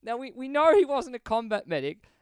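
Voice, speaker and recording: Animated man telling a story. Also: very high voice, fairly quick, smooth, no room sound. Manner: animated, exasperated storyteller who swears and acts out quotes. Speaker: paramedic telling a work story. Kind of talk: casual podcast chat, storytelling.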